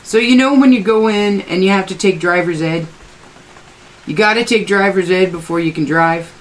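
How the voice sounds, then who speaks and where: A woman's voice: fairly low pitch, normal speed, slight background noise, rough recording. A woman on a radio roundtable, playfully laying out a theory in casual chat. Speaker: panel guest.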